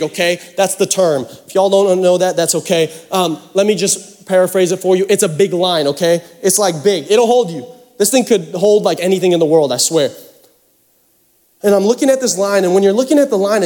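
In a large church hall with long reverb, a male youth pastor from the Seattle area of the United States delivers a sermon in a high-pitched voice, spinning a joking, animated story for the congregation.

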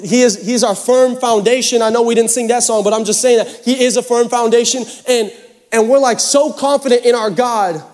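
A youth pastor from Seattle gives a sermon, telling a joking, animated story to the congregation in a large church hall. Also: male voice, very high voice, brisk. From Seattle area, United States. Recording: long hall reverb.

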